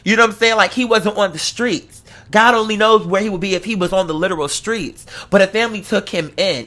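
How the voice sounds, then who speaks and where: A man with a notably high voice delivers a comic monologue, loose and slangy with plenty of profanity. His tone is bright and forceful, and he pushes into loud, emphatic bursts of praise. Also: a little fast, few pauses.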